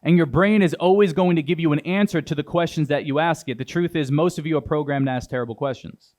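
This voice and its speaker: A man's voice: on the high side, quick pace, a little mellow. A young adult man giving a keynote speech on stage, punchy and dramatic, talking straight to the audience. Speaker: motivational speaker. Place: large event hall on stage.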